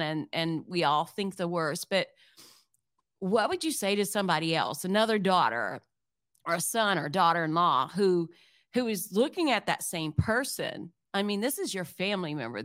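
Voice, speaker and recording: A woman's voice: mid-range voice, fairly bright tone, dry recording, clean studio sound. A woman interviewing a caregiver, responding with empathy and explaining care practices. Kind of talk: interview host.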